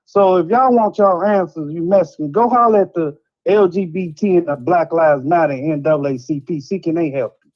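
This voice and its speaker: A man's voice: fairly high pitch, brisk, highs cut off. A man from Chicago calling in to a talk show, ranting in a rambling, frustrated way. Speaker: caller. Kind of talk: heated call-in rant.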